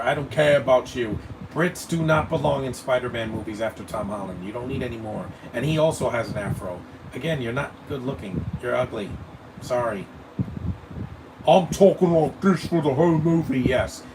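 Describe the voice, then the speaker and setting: A man's voice: medium pitch, a little fast, creaky. A man giving live movie commentary, blunt and opinionated, rambling and stammering over his words. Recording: distant mic with air-conditioning hum.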